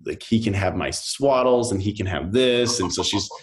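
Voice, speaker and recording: A man in his thirties, an actor chatting as a podcast guest, rambling and animated with lots of fillers. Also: fairly low pitch, normal speed. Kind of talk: casual interview chat.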